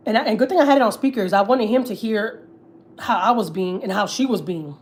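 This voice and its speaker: Woman, from Texas, young adult, candid livestream chat, swears a lot, quick pace, medium pitch. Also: expressive, darkish tone. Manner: candid, frequent swearing and filler likes. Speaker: family vlogger.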